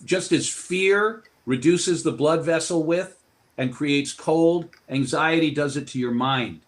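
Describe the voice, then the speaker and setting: A man's voice: on the high side, takes it slowly. A man appearing as a guest author in an interview, telling anecdotes in a broad, expansive way. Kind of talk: interview storytelling.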